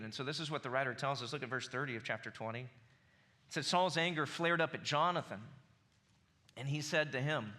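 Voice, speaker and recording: A man's voice: a little high, moderate pace, pushed and bright. A man in his forties with a Southern US accent preaching a sermon, conversational and building to emphatic bursts. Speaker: pastor.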